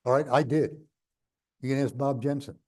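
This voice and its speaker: A man's voice: medium pitch, steady tone, moderate pace, darkish tone. An older man with a New York accent, telling blunt, rambling stories as a guest in an interview. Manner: blunt, rambling, jokey storytelling. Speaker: guest speaker. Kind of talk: conversational interview on stage.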